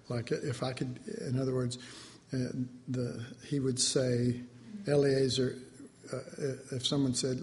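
A man's voice: mid-range voice, a little slow, a little hiss or hum. Rambling man preaching informally. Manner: rambling, hesitant, with many fillers and animated acted-out quotes. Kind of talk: informal sermon.

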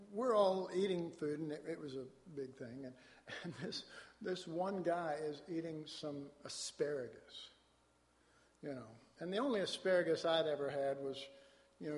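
A man from Dallas, Texas, preaching a sermon in a folksy, storytelling way with colloquial asides. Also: fairly high pitch. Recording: long hall reverb.

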